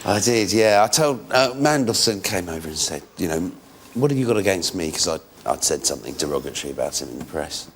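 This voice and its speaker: A man's voice: expressive, brisk, slight background noise. A man in his late thirties, a comedian guest on a chat show, talking jokily and slipping into character voices. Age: 30s. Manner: jokey, slips into squeaky character voices. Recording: TV studio with audience.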